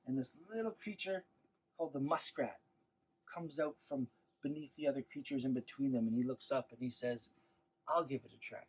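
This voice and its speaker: A man telling a traditional legend to schoolchildren in an animated, expressive way. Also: mid-range voice, moderate pace, breathy edge, poor audio. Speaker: storyteller.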